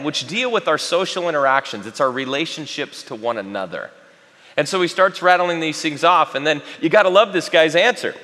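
A man preaching a sermon, swinging between loud questions to the congregation and soft, slow emphasis. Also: high voice. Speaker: pastor. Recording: long reverb of a large hall.

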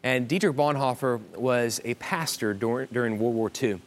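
Earnest pastor preaching, halting restarts. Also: male voice, medium pitch. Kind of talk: sermon. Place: church auditorium.

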